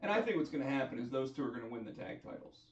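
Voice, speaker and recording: A man hosting a casual wrestling chat on a live stream, chatty and animated as he tells what happened. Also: mid-range voice, very fast. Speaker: host. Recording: echoey, distant, dull sound.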